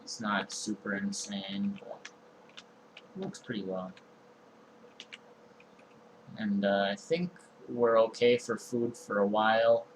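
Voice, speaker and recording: A young man streaming a game, talking through his inventory in a relaxed, meandering way with frequent ums and uhs. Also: lowish voice, slow pace, pauses often, a little hiss or hum, low-quality recording. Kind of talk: casual let's-play commentary.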